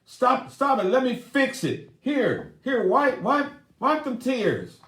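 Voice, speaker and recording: A man's voice: extremely high pitch, very animated, voice pushed up, exaggerated voice. A man doing a flustered fix-it husband. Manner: hurried, flustered, loud. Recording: roomy echoey room.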